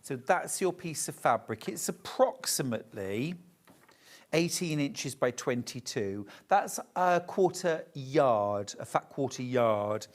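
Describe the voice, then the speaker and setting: TV sales presenter, unhurried and lively in pitch, gushing over each item. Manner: chatty, gushes over the fabrics. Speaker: shopping channel presenter.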